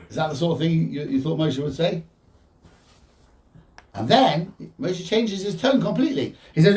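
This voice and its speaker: A man giving an informal Torah class, quoting Hebrew texts and explaining them in with lively energy. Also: fairly high pitch, normal speed, pauses often. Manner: animated, quotes Hebrew texts then explains in English. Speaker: rabbi teaching a Torah class. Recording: voice from a distance from the mic.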